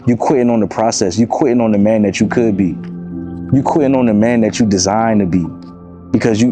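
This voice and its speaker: Young man preaching discipline, warm dark tone. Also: mid-range voice. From Miami, US. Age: 20s. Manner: preachy and repetitive, calls listeners "bro" and "y'all". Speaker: motivational vlogger. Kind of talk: casual motivational talk to camera.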